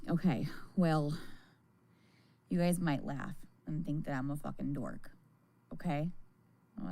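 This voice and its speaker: Tired, gravelly-voiced woman chatting slowly. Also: deep voice, dark tone. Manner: rambling, chatty, frank. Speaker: livestreamer. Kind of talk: casual livestream chat.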